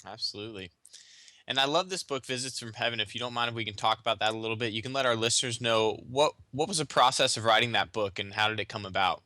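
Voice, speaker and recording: Male host, polite interviewer, bright voice, dry sound. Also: medium pitch, quick pace, dry recording. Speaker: radio show host. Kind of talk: interviewing a guest.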